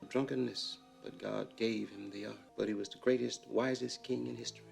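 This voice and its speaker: An actor playing an older religious leader who calmly justifies himself in a film scene, speaking in a measured, persuasive way. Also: male voice, lowish voice, creaky, soft background music. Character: aging religious leader, calm, self-justifying, older man.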